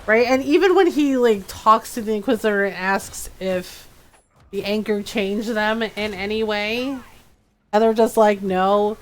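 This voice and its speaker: A woman's voice: medium pitch, measured pace, a little hiss or hum. A woman streaming a game, chatting casually with frequent laughs and mocking character impressions. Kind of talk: casual commentary while playing.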